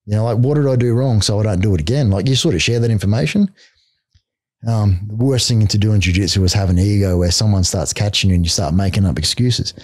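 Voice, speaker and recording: Middle-aged Australian man, podcast guest and coach, blunt and casual with a lowish, relaxed tone. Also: quick pace, no room sound, clean studio sound. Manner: blunt, swears freely, peppers speech with "mate" and "like". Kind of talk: casual storytelling chat.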